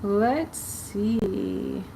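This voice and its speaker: A woman's voice: mid-range voice, drawn-out words, creaky, mellow, slight background noise, poor audio. A woman chatting casually on a live stream, rambling with many fillers and restarts as she answers viewers' comments. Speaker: YouTuber answering viewer questions.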